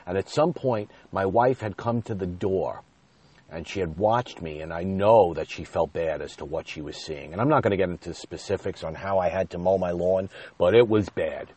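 A low-voiced man, husky and warm in tone, tells a long personal story in a confessional monologue. He rambles and circles back as he recalls what happened. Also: moderate pace. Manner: candid, confessional, rambling retelling.

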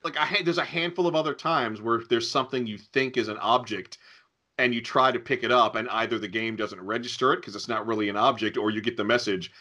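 A man co-hosting a casual podcast chat about old adventure games, wry and quick to laugh. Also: medium pitch, bright, forceful tone. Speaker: podcast co-host.

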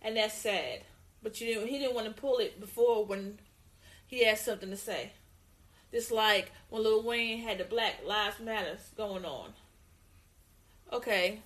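A woman co-hosting a casual opinion talk, emphatic and repeating her points, with lively put-on greetings. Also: mid-range voice, a little slow, long pauses. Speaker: co-host.

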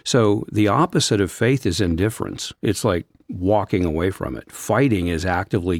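A man with a notably low voice talks in an earnest, gentle way on a faith podcast. His close mic is dry, with no room sound. He slows down when a point moves him. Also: no room sound. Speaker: Christian counselor and podcast co-host. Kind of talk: reflective faith discussion.

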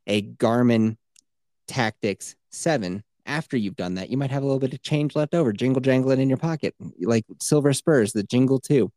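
A man's voice: mid-range voice, moderate pace, dark tone, dry recording, clean studio sound. A man hosting a podcast, joking in a boisterous, crude, casual way. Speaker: podcast host. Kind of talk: casual comedic chat.

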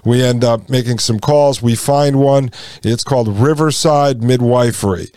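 A man in his forties, a podcast host, telling a personal story in a relaxed conversational way and speaking straight to his listeners. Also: mid-range voice, a little slow, smooth, dry recording. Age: 40s. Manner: conversational, addresses listeners as folks.

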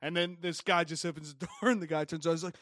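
A man's voice: on the high side, steady tone, fast talker, a bit bright, no echo, clean studio sound. A young man co-hosting a casual podcast chat, telling rambling stories full of swearing and "dude". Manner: rambling storyteller, swears often, says "dude". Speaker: podcast co-host.

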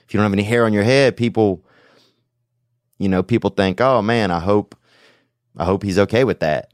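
A podcast host taking calls jokes around casually with a caller, rambling and swearing freely. His voice is on the low side at a moderate pace, captured in a dry recording with clean studio sound.

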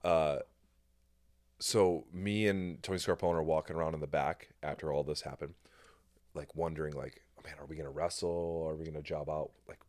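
A man with a very low voice hosts a casual podcast chat, telling his story with energy and acting out the other people's lines. He swears freely. The recording is dry and close to the mic. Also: moderate pace, no echo. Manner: animated storyteller, swears freely, acts out quotes. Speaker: podcast host.

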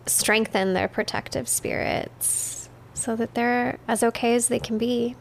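A woman in her thirties from the United States, chatting casually on a podcast, animated and laughing often, with casual swearing. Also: fairly high pitch, a little slow, creaky, slight background noise. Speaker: podcast guest, witch and spiritual practitioner.

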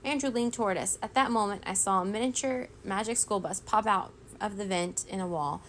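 A woman reading a children's storybook aloud in a steady, expressive way. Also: mid-range voice, brisk, slight background noise. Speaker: reader.

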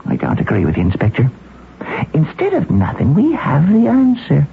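A shrewd, self-assured police chief in an old-time radio drama, talking in a breezy, folksy way. His pitch swings widely. The old broadcast sounds thin and phone-like, with a faint hiss. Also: huge pitch swings, moderate pace, creaky, slightly rough, exaggerated voice. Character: confident, shrewd Boston police chief, middle-aged man.

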